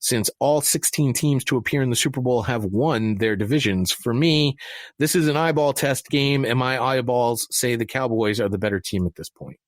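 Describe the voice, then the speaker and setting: A man's voice: mid-range voice, moderate pace, no room sound. A man co-hosting a casual sports podcast, joking around and ranting in mock anger. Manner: lively, joking, mock-angry rants. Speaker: podcast co-host.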